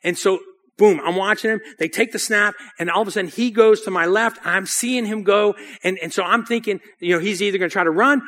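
A man preaching a sermon, telling a story in a lively, casual way. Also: sits high. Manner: lively and casual, often says "dude".

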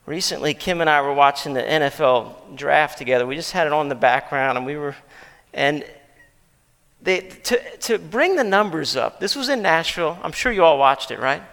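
Bright-voiced male pastor, reverberant church. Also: on the high side, animated, normal speed. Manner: conversational storytelling with rhetorical questions. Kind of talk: sermon. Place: church sanctuary. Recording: long church-hall reverb.

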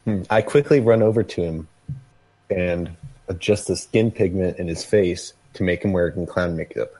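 A man's voice: sits low, normal speed, mellow. A man chatting casually as a tabletop game player, rambling and joking.

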